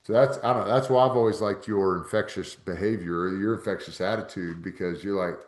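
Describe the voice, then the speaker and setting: A man hosting an interview, talking in a relaxed, matey way. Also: lowish voice, brisk, hardly any pauses, reverberant. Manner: relaxed, matey, says dude. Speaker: interview host. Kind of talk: casual interview chat.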